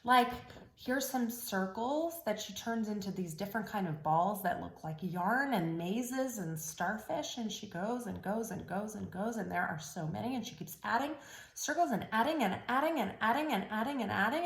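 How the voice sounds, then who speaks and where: In a roomy-sounding space, a woman on the high side of the pitch range reads a picture book to small children in an animated, sing-song way, moving at a moderate pace. Playful and encouraging like a teacher, she leads them in call-and-response chants.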